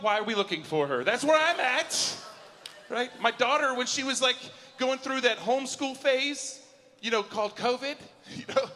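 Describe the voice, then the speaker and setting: A man in his forties doing a stand-up set in a large hall, his high, bright voice trailing a long reverb. He talks in a chatty, self-mocking way and keeps checking in with the crowd. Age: 40s. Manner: chatty, self-mocking, keeps asking the crowd "you know what I'm saying?". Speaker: stand-up comedian. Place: large auditorium at a live show. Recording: hall reverb from a live venue.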